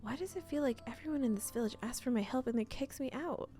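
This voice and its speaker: A woman's voice: high-pitched, fast, dark tone, soft background music. A woman hosting a let's play, reading a cozy role-playing game's text aloud with playful asides. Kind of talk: let's play narration of a visual novel.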